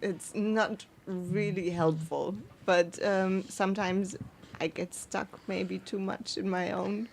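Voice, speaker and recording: A woman's voice: mid-range voice, steady tone, slow, vocal fry, slight background noise. A woman guest in a casual chat, hesitant and thoughtful, with many fillers.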